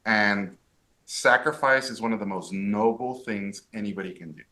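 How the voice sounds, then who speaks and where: A man from Mexico speaks as a podcast guest, voice sitting low but ringing bright. He tells stories with animated energy and slips into the voices of the people he quotes. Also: moderate pace. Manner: animated storyteller who acts out quoted voices. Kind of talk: casual podcast interview.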